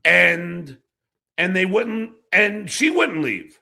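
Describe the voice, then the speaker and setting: A man with a gravelly, husky voice and a bright edge talks hesitantly, thinking aloud in casual, profane chat. His pitch moves a lot as he speaks. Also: big pitch swings, slow pace. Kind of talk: casual crude banter.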